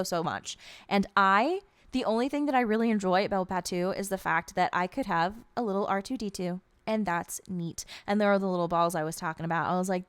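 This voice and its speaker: A woman in her twenties chatting casually over a game build video, telling rambling stories in an animated way. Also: on the low side, clear, resonant tone, no room sound. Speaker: gaming video creator.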